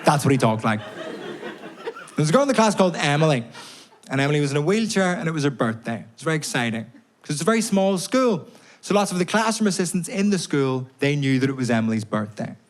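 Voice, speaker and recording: A man doing a stand-up routine, telling stories in a deadpan way with timed pauses, on stage at a live comedy venue. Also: fairly high pitch. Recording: live show recording with audience noise.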